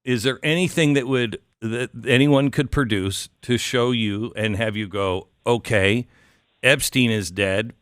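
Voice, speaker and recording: A man hosting a radio talk show, asking measured, coaxing questions of a caller. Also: mid-range voice, fairly bright tone, clean tone, no echo, studio quality.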